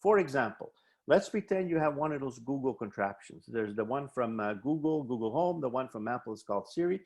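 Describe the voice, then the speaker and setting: A man presenting a wellbeing webinar, animatedly explaining coping strategies, acting out both sides of imagined dialogues and guiding slow breathing exercises. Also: mid-range voice, lively intonation, darkish tone.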